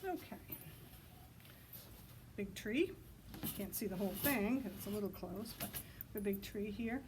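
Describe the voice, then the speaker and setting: A woman librarian leading a children's story time outdoors, reading in an animated sing-song way and hooting loudly to get kids to join in. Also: medium pitch, a little slow, background noise.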